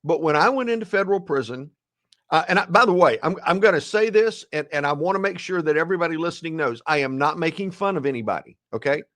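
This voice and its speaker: Man in his sixties, high voice, very lively pitch, dramatic storyteller, acts out quotes. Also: fast talker. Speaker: guest, ethics speaker. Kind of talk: animated storytelling.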